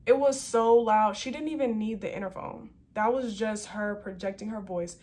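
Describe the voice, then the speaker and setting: A woman flight attendant tells a story to her viewers, animated and chatty with lots of slang. Her voice sits at a middle pitch, and faint background noise sits under it. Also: moderate pace. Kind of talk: casual storytelling vlog.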